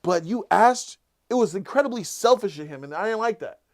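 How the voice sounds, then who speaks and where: A man hosting a casual live after-show, excitedly retelling an episode and acting out the characters' lines. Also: high voice, fairly quick. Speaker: show host.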